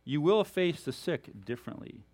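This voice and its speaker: A male pastor giving a sermon in an animated, storytelling way, chuckling often as he talks. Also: fairly high pitch, normal speed.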